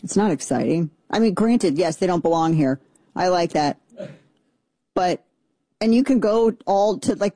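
A woman talk host with a mellow, warm voice, riffing through casual comedic commentary. She slips into sarcastic, animated mock excitement, recorded close and dry. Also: medium pitch, dry recording.

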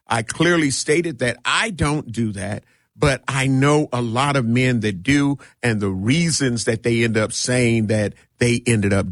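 A man's voice: mid-range voice, dry recording. Guy hosting a morning radio show, fired up and slangy, dry close sound. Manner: animated, slangy, emphatic. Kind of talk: casual radio talk.

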